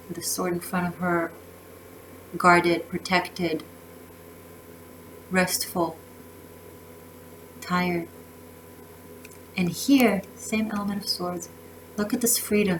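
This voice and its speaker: A woman's voice: on the low side, a little hiss or hum, low-quality recording. A woman giving a casual tarot reading, effusive and emotional, often restarting her words. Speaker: tarot reader.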